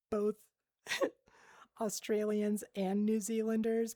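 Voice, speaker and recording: A woman's voice: medium pitch, mellow, no room sound, studio quality. A woman streamer chatting casually with her viewers, giggling often and blowing them kisses.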